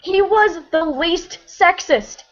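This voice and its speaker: A woman co-hosting a casual group chat, chatty and enthusiastic. Her voice sits high. The audio is dull and lo-fi. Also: animated, slow pace. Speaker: podcast co-host.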